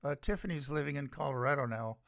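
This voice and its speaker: An older man from the United States hosting a solo opinion rant, halting and sardonic, with frequent pauses. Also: mid-range voice, gravelly, fairly bright tone, dry recording, studio quality. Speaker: podcast host.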